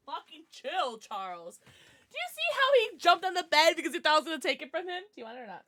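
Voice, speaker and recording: A woman livestreamer chatting casually with her viewers, playful and jokey, thanking them warmly and cooing in baby talk to her dogs. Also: high voice, sing-song, fast talker, no room sound. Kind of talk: casual chat with stream viewers.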